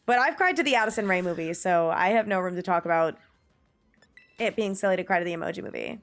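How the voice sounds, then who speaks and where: A woman with a fairly low-pitched voice talks fast on a casual livestream. She gushes with emphasis, reads chat out loud to viewers, and lets an occasional swear word fly.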